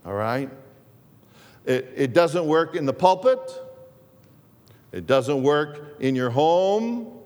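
A male pastor delivers a sermon at a slow, deliberate pace, his voice sitting a little high. He repeats key phrases and asks his congregation questions, and a long church-hall echo trails each line. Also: expressive, a little mellow.

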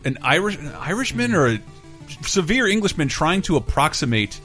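Animated, joking man on a podcast. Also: fairly high pitch, moderate pace, faint music behind. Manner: lively, jokey, tangent-prone. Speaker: podcast co-host. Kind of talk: casual chat.

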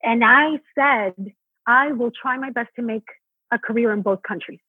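A woman's voice: fairly high pitch, normal speed, husky, no room sound. A woman from Mexico, a Broadway actress, talking animatedly in a casual interview and often restarting her sentences. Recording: tinny phone-line call.

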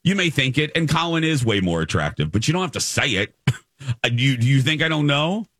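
A man in his forties tells a story in a lively, swooping voice and acts out every quote. His voice is recorded dry and close, with no room sound. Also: mid-range voice, a little fast, no echo. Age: 40s. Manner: animated storyteller acting out quotes. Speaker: radio show co-host. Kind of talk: casual chat, telling a personal story.

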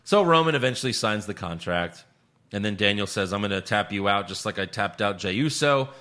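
A man co-hosting a casual chat podcast, recapping events in a loose, profane, animated way. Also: on the low side, brisk. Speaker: podcast co-host recapping wrestling.

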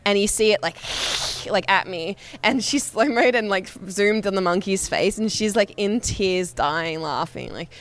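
Young aussie woman rambling thru a story, lots of "like", giggly, medium pitch. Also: a little slow, hardly any pauses. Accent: Australian with slight American twang. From Australia. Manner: rambling, many "like" fillers, giggly. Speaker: guest, professional wrestler. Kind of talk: casual storytelling.

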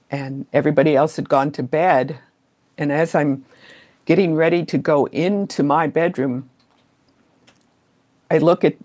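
A middle-aged woman recounting childhood memories in an interview, unhurried and full of pauses. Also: low voice, a little mellow. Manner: slow, unhurried storytelling with pauses. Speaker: interview guest. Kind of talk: storytelling in an interview.

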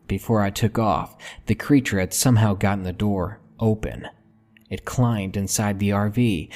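A man narrating a horror story in a slow, measured, hushed way. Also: lowish voice.

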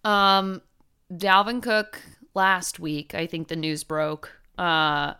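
A woman co-hosting a sports podcast, chatting casually and reading headlines with animated emphasis. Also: fairly low pitch, takes it slowly, smooth. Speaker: podcast co-host.

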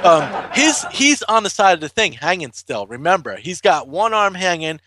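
A man's voice: high voice, sing-song, normal speed, crowd noise, background noise. A man recapping a comic in casual chat, swearing constantly and rambling through fillers as he tells the story.

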